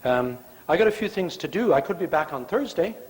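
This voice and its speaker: A dithering man hems and haws, stalling with excuses, as a preacher acts him out. His pitch bounces around lively, and the words echo with a long hall reverb. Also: brisk, natural voice. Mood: eager to hesitant. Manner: hesitant, hedging with fillers. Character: hesitant man making excuses.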